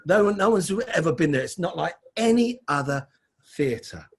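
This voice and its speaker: Husky bloke chatting away as a guest, calls everyone mate. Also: male voice, a little high, animated, normal speed. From London. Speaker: interview guest. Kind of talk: casual storytelling.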